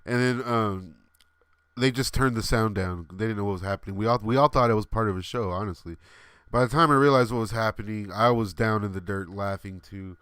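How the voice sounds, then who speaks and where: A man's voice: on the low side, a little fast, fairly bright tone, clean tone, no room sound. A man in his thirties hosting a livestream, telling a rambling, laughing story with many fillers and some swearing. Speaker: livestream host.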